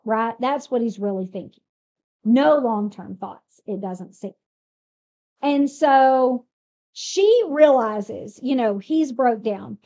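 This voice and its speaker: Woman, high voice, chatty Bible storyteller who asks her listeners rhetorical questions. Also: lively intonation, slow, mellow. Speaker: Bible teacher. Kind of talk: casual Bible retelling.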